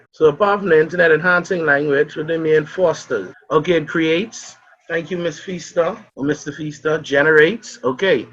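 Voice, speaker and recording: A man's voice: fairly high pitch, a bit bright. Bahamian man teaching an online class. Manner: calls on students by name, asks and answers questions. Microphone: video call. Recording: dull muffled online class audio.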